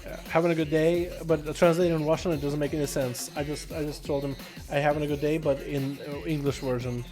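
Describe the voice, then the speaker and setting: Young guy streamer, high voice, jokey and self-mocking, quick hyped play-by-play, bit of music in the back. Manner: playful, self-mocking, quick excited commentary. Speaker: streamer hosting arena duels. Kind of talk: casual livestream chat and play-by-play commentary.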